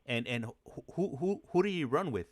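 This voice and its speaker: A man's voice: medium pitch, animated, moderate pace. A man hosting the call, asking questions in a hesitant way and repeating words. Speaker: host taking the call. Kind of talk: interview questions.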